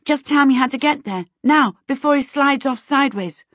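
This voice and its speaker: A woman voicing an impatient, sharp-tongued teenage girl in a storybook reading, in a dull lo-fi recording. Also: medium pitch, normal speed, breathy edge, no echo, natural voice. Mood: urgent. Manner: urgent and sharp.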